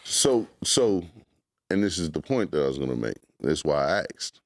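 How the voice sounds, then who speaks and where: A man's voice: extremely low pitch, very animated, normal speed, no echo, studio quality. A man co-hosting a podcast in casual banter, telling profane stories with lots of acted-out quotes. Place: podcast studio.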